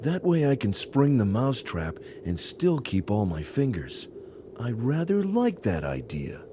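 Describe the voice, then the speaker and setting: A man's voice: medium pitch, huge pitch swings, unhurried, noisy background. An actor voicing a sardonic male adventurer in a video game, who speaks in dry, witty remarks. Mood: wry. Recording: game music behind the voice.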